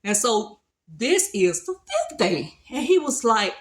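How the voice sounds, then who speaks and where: A woman's voice: on the high side, very animated, slow pace. Woman retelling a Bible story casually. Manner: conversational and colloquial, retelling with voices. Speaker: speaker sharing a devotional.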